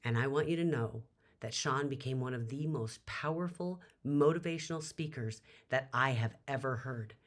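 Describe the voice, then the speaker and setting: A woman's voice: extremely low pitch, moderate pace. A woman giving a motivational talk, telling a story dramatically and emphatically, with her voice climbing sharply at emotional peaks. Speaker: motivational speaker.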